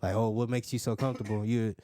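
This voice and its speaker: Chill guy w a low mellow voice, co-hosting a podcast, dry close sound. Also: flat delivery, quick pace, dry recording. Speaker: podcast co-host. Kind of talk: casual chat.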